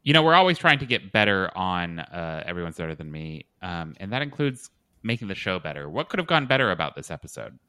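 A young man hosting a comedy podcast who interviews his guest in a deadpan, dry, teasing way. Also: low-pitched, fast talker, smooth, dry recording. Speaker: podcast host.

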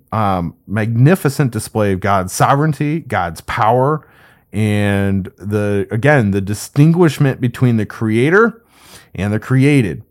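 A man's voice: on the low side, darkish tone. A man leading an informal Bible study, talking loosely and conversationally as he walks through the text verse by verse.

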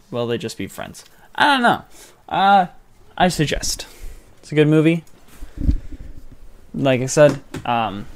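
A man hosting a casual podcast, rambling through a movie recap and dropping into quick voice impressions. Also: mid-range voice, clean tone. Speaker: podcast host.

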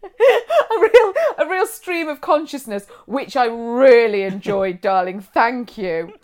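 Brief: high-voiced, playful woman co-host, laughs often. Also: lively intonation, slow. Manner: giggly, playful, theatrical emphasis. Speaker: podcast co-host. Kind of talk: casual chat, reading listener messages.

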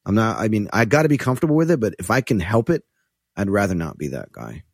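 Low-voiced man telling loose, profane stories. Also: fast, vocal fry, no room sound, clean studio sound. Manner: loose, profane, animated storyteller who slips into voices for quotes. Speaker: touring musician guest. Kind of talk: casual podcast chat.

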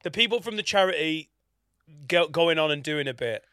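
A man hosting a casual comedy podcast, an animated storyteller who acts out what people said and swears freely. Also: fairly high pitch, moderate pace, no echo. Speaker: podcast host; stand-up comedian.

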